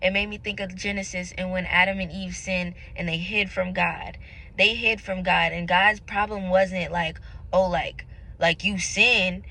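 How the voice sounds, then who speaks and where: A woman's voice: lowish voice, fairly even intonation, normal speed, vocal fry, bright, forceful tone, rough recording. A young woman vlogging about her faith, talking casually and candidly to her viewers in an earnest, searching way. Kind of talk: casual confessional talk to camera.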